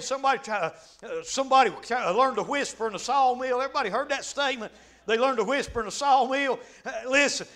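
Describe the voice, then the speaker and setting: A man preaching a fervent revival sermon, dropping frequent amens and breaking into shouts. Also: extremely high pitch.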